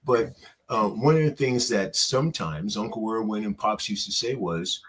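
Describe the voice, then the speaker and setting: Low-voiced man asking halting questions. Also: fairly bright tone. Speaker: interviewer. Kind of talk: conversational interview.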